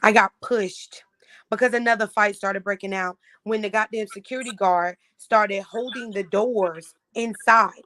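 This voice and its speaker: A woman hosting a casual chat, telling an audition story in a profane, animated way. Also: medium pitch, unhurried, dry recording. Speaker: vlog host recounting an audition.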